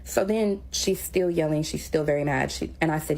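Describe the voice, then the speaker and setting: A woman's voice: sits low, moderate pace, darkish tone. A young woman who teaches, dryly retelling an argument in casual storytelling.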